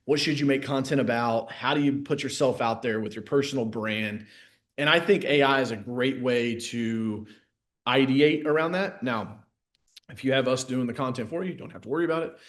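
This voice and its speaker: A man, a sales coach, giving a casual live masterclass in a lively, filler-heavy way, jumping from loud bursts to low asides. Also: normal speed.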